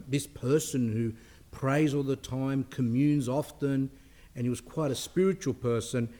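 A man's voice: medium pitch, mellow. Man giving a conversational spiritual talk. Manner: conversational, with frequent restarts and asides.

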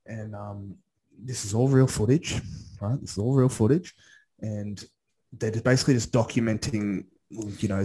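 A man with an Australian accent, co-hosting a podcast and telling a lively story in casual chat, laughing often. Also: on the low side. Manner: animated storytelling, heavy swearing, frequent laughter. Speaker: podcast co-host.

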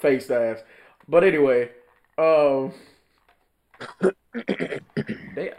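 A man's voice: medium pitch, very animated, a little slow, pauses often, fairly bright tone. A young man in casual podcast chat, telling a work story with lots of laughter, cursing and slang.

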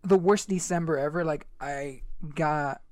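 A man's voice: on the high side, measured pace, a little mellow, dry recording, clean studio sound. A young man telling a personal story in a rambling casual chat, full of "like" and "dude.".

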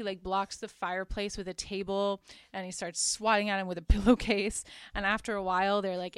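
A young woman talks through a movie's plot like she's telling a friend, with loose filler words and amused asides. Her voice is smooth and clear, and it sounds close and dry with no room around it. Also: medium pitch, no echo. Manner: chatty, lots of "like", laughs at her own asides. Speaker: podcast host. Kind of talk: casual movie recap.

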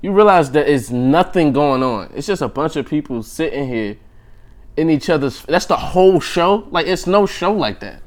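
A man's voice: fairly high pitch, animated, normal speed. A man hosting his own podcast alone, chatting casually and rambling from joke to joke, often laughing at his own lines. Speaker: podcast host. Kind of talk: casual solo podcast chat.

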